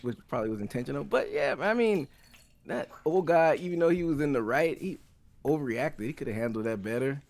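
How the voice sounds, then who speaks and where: A man's voice: fairly high pitch, lively intonation, a little fast, creaky, a little mellow. A man co-hosting a podcast, talking loosely in casual chat. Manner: loose, rambling, lots of fillers. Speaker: podcast co-host.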